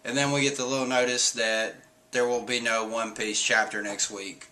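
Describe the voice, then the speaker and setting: A young man walks through a comic chapter in a loose, chatty way, laughing often and breaking into silly voices for quotes. His voice is bright and forward, and his pitch sits in a middle range. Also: rough recording. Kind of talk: casual recap commentary.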